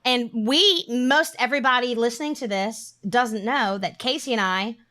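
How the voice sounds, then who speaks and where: Bright, lively high-voiced woman podcast host. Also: moderate pace. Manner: playful, breaks into sung bits and silly voices. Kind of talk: comedic podcast banter. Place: indoor room.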